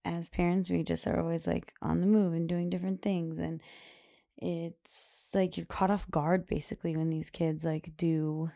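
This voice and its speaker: A young woman talks through motherhood on her podcast in a loose, rambling way, full of fillers and quick laughs. Her voice sits low, with a mellow, dark tone and a steady gravelly fry. She sounds unscripted and conversational. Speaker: podcast host. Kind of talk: casual chat.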